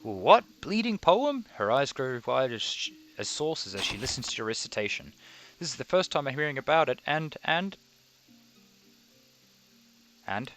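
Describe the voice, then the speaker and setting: A man voicing a brash, quick-tempered young female circus performer, read aloud over a game. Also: medium pitch, fairly bright tone, soft background music, natural voice. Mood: surprised. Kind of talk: reading game dialogue aloud.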